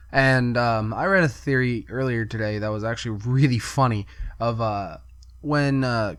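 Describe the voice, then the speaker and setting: A man's voice: mid-range voice, no room sound. A man hosting a solo podcast, talking in a casual, rambling way with lots of fillers and the odd chuckle. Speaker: podcast host.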